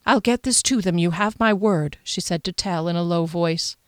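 A woman's voice: lowish voice, moderate pace, dry recording, studio quality, lightly acted. A woman voicing a worried middle-aged shopkeeper and mother, earnest and anxious, in a slightly raised voice. It is an audiobook reading.

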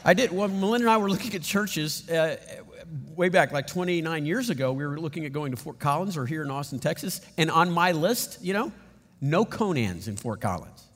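A middle-aged man preaching a sermon as pastor, telling stories in an animated, emphatic way. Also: a little high, a little fast, big-room sound.

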